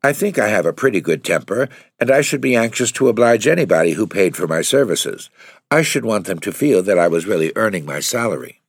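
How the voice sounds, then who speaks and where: A man's voice: expressive, brisk, slightly rough, no room sound, clean studio sound. A man reading aloud, voicing an eager, earnest young woman looking for work in a storybook. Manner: eager, earnest, raised pitch. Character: young eager impoverished woman job-seeker.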